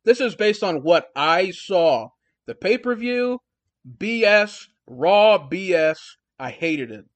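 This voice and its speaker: Hombre relajado que habla con jerga. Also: male voice, high-pitched, big pitch swings, slow pace, no room sound. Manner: laid-back, slangy, says dude and bro. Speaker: podcast co-host. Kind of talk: casual chat.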